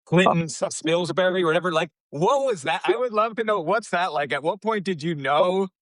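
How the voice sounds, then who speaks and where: A man's voice: high voice, animated, brisk, a bit bright, dry recording, clean studio sound. A man hosting a casual interview, asking enthusiastic questions with easy laughter. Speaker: podcast host.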